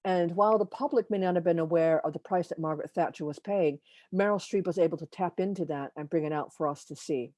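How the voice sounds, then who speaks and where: A woman with a low, mellow voice gives an informal astrology lecture over a video call. She speaks haltingly, pausing often and correcting herself mid-sentence. The sound is dry and close. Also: no room sound. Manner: halting, frequent pauses and self-corrections; opinionated asides. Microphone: computer mic on a video call.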